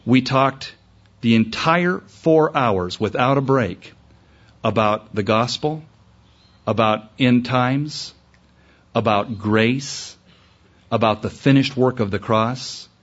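Husky-voiced pastor telling a story. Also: male voice, slow, pauses often, dull audio. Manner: animated, rising in pitch when emphatic. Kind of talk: sermon storytelling.

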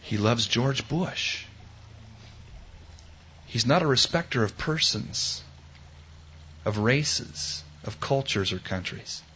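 A man preaching a sermon, swinging from loud exclamations to hushed, tender quoted words. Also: medium pitch, lively intonation, takes it slowly, long pauses, slight background noise. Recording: dull lo-fi recording.

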